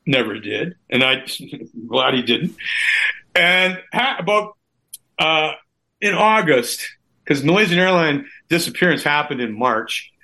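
A man's voice: on the high side, big pitch swings, unhurried, creaky, pushed and bright. A middle-aged man from Canada, a guest author telling his story in a livestream interview, rambling and often repeating his words.

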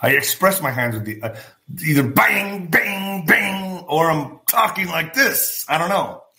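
Brash, bright-voiced male vlog host. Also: on the high side, a little slow. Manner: animated, profane, gestures with hands while talking; former boxer. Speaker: show host. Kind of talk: political commentary vlog.

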